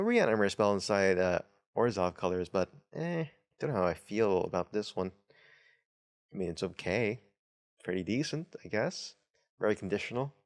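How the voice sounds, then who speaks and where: A man talks through a card-pack opening in a relaxed, chatty way. He reads card text aloud and breaks off for wry asides. His voice sits a little low. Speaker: host of a tabletop channel. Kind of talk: casual unboxing commentary.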